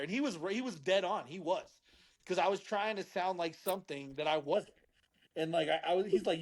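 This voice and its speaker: Comedian dude on a podcast, chill storytelling, voice a bit high. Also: male voice, brisk. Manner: laid-back, swears casually. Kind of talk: casual storytelling.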